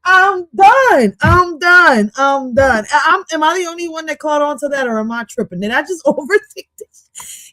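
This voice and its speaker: A woman hosts a live reaction stream in a slightly high voice, loud and profane, laughing often as she talks. The sound is close and dry, with no room around it. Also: no echo. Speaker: streamer host.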